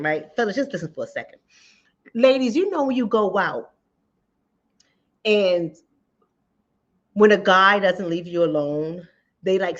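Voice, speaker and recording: A woman hosting a channel, telling a personal story in animated, direct talk to ladies and fellas. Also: medium pitch. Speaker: relationship coach and channel host. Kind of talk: casual talk-to-camera commentary. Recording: dull lo-fi sound.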